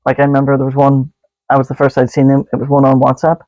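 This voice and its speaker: A man's voice: mid-range voice, completely flat delivery, quick pace, darkish tone, no echo, highs cut off. A man co-hosting a podcast, joking in a casual chat, laughing often and going off on rambling asides. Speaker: podcast co-host.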